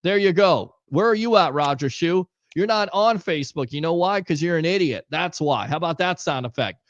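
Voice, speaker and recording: A man's voice: fairly high pitch, moderate pace, dry recording, lo-fi sound. A man hosting a live call-in sports show, joking and teasing callers and co-hosts. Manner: jokey, teasing, animated. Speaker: host.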